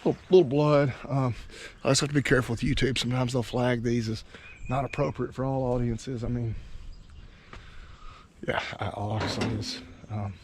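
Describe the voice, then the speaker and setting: A man's voice: mid-range voice, fairly even intonation, normal speed. A man in his thirties or forties, a cattle farmer hosting his own vlog, talking in a folksy, chatty way with the odd dad joke while out of breath and tired from handling a cow outdoors. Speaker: cattle farmer and channel host. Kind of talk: casual farm vlog talk. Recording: faint outdoor background noise.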